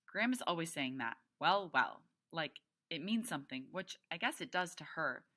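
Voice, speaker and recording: A woman's voice: deep voice, animated, fairly quick, bright, forceful tone. A woman teacher reading a novel aloud to her class, stopping to explain words and check that her students follow along. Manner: explains as she reads.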